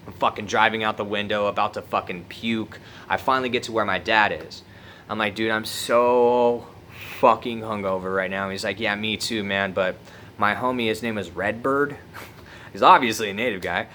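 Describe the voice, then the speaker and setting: Young guy vlogging a story, chill and sweary, lowish but bright punchy voice, bit of faint noise behind. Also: moderate pace. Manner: laid-back, profane, laughs through the story. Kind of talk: casual storytelling.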